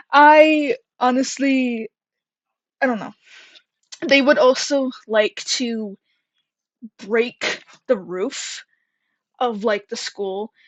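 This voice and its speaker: A young woman with a voice on the high side, recorded dry, tells a story from her school days. She's chatty and rambling, full of fillers and laughs, and a little out of breath.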